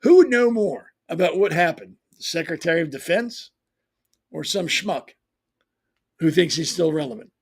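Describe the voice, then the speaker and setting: A man's voice: on the high side, animated, moderate pace. A man hosting a talk show, delivering a blunt, profane, sarcastic opinion monologue. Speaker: host.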